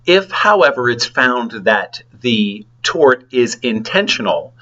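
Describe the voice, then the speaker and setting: A man lecturing on law, explaining points through lively acted-out examples with sound effects. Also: mid-range voice, lo-fi sound. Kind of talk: classroom lecture.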